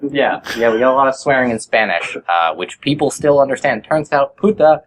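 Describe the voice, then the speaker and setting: A man's voice: medium pitch, expressive, brisk, poor audio. A man from Boston chatting casually on a podcast, telling stories with lots of fillers and restarts. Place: shared office.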